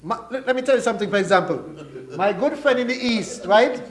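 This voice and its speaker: Kittitian man, high voice, folksy teasing minister's speech, roomy echoing chamber. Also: fairly quick. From Saint Kitts and Nevis. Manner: folksy, teasing, joking with colleagues. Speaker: government minister. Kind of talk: parliamentary budget speech. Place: parliament chamber.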